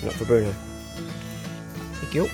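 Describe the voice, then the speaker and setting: A middle-aged man chatting casually on his farm and talking to his dogs in a relaxed way. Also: fairly low pitch, unhurried, vocal fry, music in the background. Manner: laid-back, talks to his dogs. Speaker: vlogger. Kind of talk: casual chat. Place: farmhouse.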